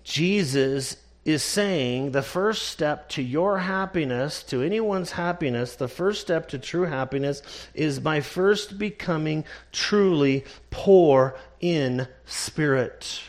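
Slow, measured male preacher. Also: fairly high pitch, animated. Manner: measured, emphatic preaching with slow deliberate stresses. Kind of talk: sermon.

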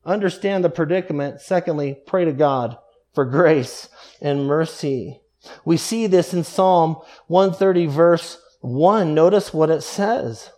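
A man preaches a sermon earnestly, lowering his voice to a quiet hush for emphasis. He draws out quoted prayers slowly.

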